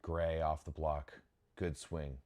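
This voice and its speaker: Speaking slowly in a very low voice, a young man offers casual live commentary on a match. Like a host chatting over the game, he bursts out with sudden excitement and keeps restarting his sentences.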